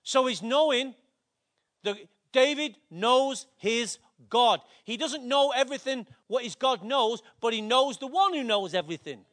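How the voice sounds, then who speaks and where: A man, preaching a sermon with animated storytelling that builds to shouts. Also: extremely high pitch, measured pace.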